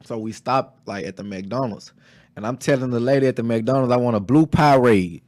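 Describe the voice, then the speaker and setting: A man's voice: medium pitch, brisk, a little mellow. A young man from Dallas with a Southern Texas drawl, telling stories as a rapper in a casual interview and laughing often.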